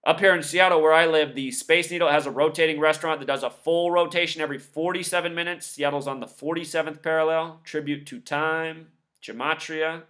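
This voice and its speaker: A man's voice: on the high side, fairly even intonation, brisk, fairly bright tone. A man giving a scornful, emphatic commentary monologue, listing numbers one after another. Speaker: video commentator. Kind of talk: monologue over news clips.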